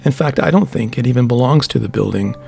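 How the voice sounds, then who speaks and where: A man voicing a friendly, mild-mannered man who speaks gently and softly. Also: medium pitch, fast talker, gravelly, faint music behind. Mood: gentle.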